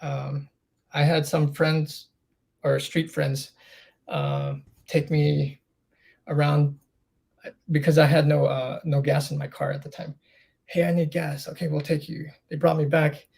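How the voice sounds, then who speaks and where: Gravelly man telling his story. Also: a little high, flat delivery, a little slow, darkish tone. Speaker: interview guest. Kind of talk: candid storytelling in a podcast interview.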